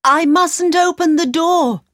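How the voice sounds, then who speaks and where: A woman's voice: very high voice, slow pace, fairly bright tone, no room sound, clean studio sound, voice pushed up, exaggerated voice. A woman voicing an innocent, trusting young princess in a storybook reading, with a light, raised, girlish delivery. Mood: worried.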